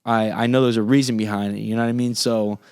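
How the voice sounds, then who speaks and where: A man's voice: on the low side, little pitch movement, fast, a little mellow, clear, resonant tone, no echo, studio quality. A man from Florida, a singer guesting on a podcast, talking in a casual, profane, rambling way full of restarts. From Florida, USA. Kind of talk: casual interview chat.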